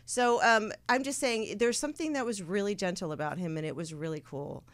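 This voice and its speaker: A woman's voice: mid-range voice, brisk, no room sound. A young woman hosting a casual chat show, rambling through stories and laughing often. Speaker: show host.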